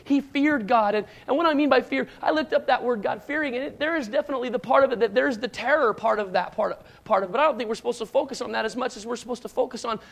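A man's voice: very high-pitched, fast, vocal fry, hardly any pauses. A middle-aged man preaching a sermon as a pastor, talking in a loose, conversational way with restarts and asides. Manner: conversational, rambling with restarts, acts out shouted lines in stories. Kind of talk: sermon with personal stories.

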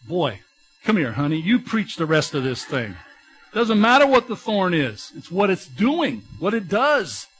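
A pastor in his middle years delivers a lively sermon, his voice sitting a touch higher than most men's. He swings between loud, emphatic lines and quieter asides, often stumbling over his own words as he pushes on. Soft music plays faintly underneath. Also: a little slow, breathy edge. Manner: animated, conversational preaching with emphatic rises and stammered restarts.

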